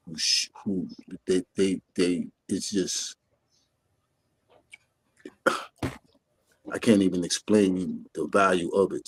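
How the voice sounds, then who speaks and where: A man speaking as a guest on a casual livestream, earnest and halting, searching for his words. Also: sits low, husky, no room sound, poor audio.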